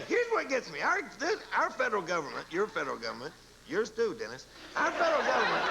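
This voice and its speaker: Male comic, high gravelly voice, lively delivery, live crowd laughing loudly. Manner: animated, mocking, puts on silly voices. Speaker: stand-up comedian and guest. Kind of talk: stand-up comedy routine and talk show banter. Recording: live studio audience laughter and noise.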